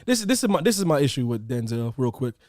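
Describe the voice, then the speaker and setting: A man's voice: mid-range voice, fast, no room sound, clean studio sound. A man hosting a casual talk show, arguing emphatically and laughing often. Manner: animated, laughing, emphatic repeats. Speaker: podcast host. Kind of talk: casual chat.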